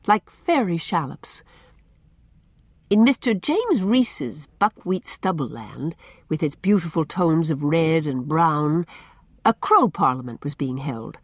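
A woman narrating a chapter of a novel in an expressive storytelling manner. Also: fairly low pitch, no room sound, studio quality. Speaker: audiobook narrator. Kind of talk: scripted narration.

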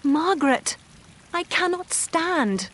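A woman voicing an eager, romantic young woman in a storybook reading, with high breathless cries. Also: normal speed, a little mellow, slight background noise, close to an everyday voice. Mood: pleading.

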